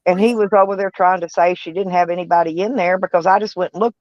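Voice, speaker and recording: A woman's voice: lowish voice, steady tone, fast talker, a little mellow, no echo. A woman, chatting casually and rambling on a live stream. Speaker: van life live streamer. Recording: dull, dry lo-fi sound.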